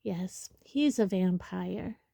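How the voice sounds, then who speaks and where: A woman reading a storybook, voicing a dreamy, odd teenage girl who speaks slowly and matter-of-factly. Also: medium pitch, gravelly, warm tone, no echo, clean studio sound, lightly acted. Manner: matter-of-fact, slow.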